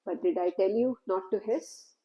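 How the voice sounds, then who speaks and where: A woman's voice: mid-range voice, normal speed, dull audio, natural voice. A woman voicing a wise, loving old holy man who questions his disciple earnestly, in a told story. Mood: concerned, earnest.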